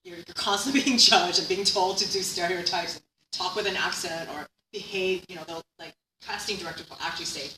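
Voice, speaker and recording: A woman's voice: lowish voice, steady tone, fairly quick, few pauses, noisy background. A woman giving a conference keynote lecture in a conversational way, often laughing and tagging her points with "right?". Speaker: keynote speaker. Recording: echoey hall from far off.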